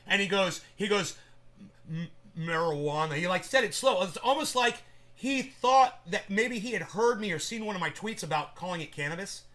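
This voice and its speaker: A man's voice: high voice, moderate pace, bright, forceful tone. A man hosting a livestream, rambling casually and with profanity while addressing viewers in chat by name. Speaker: livestream host.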